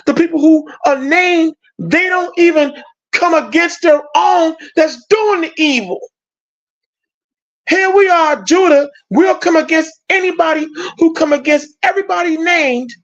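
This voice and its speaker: Aggrieved, passionate man, high voice, muffled lo-fi stream sound. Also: expressive, a little slow, a bit bright. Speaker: panel speaker. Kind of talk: heated online discussion. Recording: dull lo-fi stream audio.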